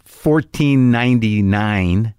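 A man's voice: fairly low pitch, slow pace, a little mellow, clean tone, no room sound, clean studio sound. Profane rambling middle-aged male storyteller. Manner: rambling, profane, self-mocking with acted-out asides. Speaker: comedian. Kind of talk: stand-up storytelling.

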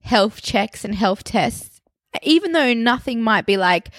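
A young woman co-hosting a casual podcast, bubbly and animated, full of "like" fillers, close to the microphone. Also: on the high side, measured pace, no room sound. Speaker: podcast co-host. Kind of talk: casual chat.

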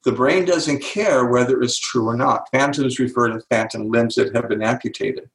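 An older man, an author and speaker, telling stories in an interview and slowing down to stress key words. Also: mid-range voice, vocal fry, reverberant, poor audio. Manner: slows down to stress key words, acts out quoted voices. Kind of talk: interview storytelling.

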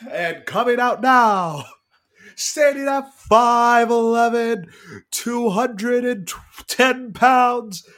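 A booming male ring announcer, put on by a podcast co-host. He stretches every word out slowly and loudly, in a pitch pushed well above a normal speaking voice. It is pure arena hype, delivered at full volume. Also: heavily acted. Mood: hyped. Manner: drawn-out, loud hype-man delivery.

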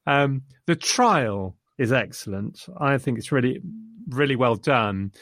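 A man's voice: medium pitch, animated, unhurried, a bit bright, dry recording. Guy gushing about an old movie, chatty and rambly, dead dry recording. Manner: enthusiastic, rambling, quotes lines. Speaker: podcast co-host reviewing a film. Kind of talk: casual chat.

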